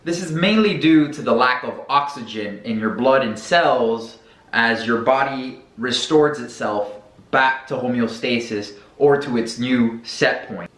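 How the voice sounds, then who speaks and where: A man's voice: mid-range voice, a little slow. Fitness guy explaining workout stuff, swearing and joking, echoey room. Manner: jokey, profane and animated. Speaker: fitness channel host.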